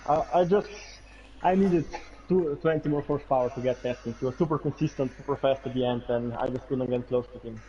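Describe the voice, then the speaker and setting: A man, a racing driver, answers after a race in short, halting bursts and starts over often. His voice sits mid-range. The line sounds dull and lo-fi, with a faint hiss. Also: medium pitch, warm tone. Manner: halting, stop-start phrasing. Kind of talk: post-race interview.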